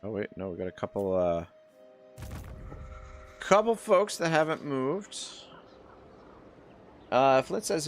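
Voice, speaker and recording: Low-voiced Canadian man streaming a game. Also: animated, unhurried, pauses often, a little hiss or hum. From Nova Scotia, Canada. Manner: rambling, chatty, many fillers, reads chat aloud. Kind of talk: casual live-stream gameplay commentary. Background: faint game music.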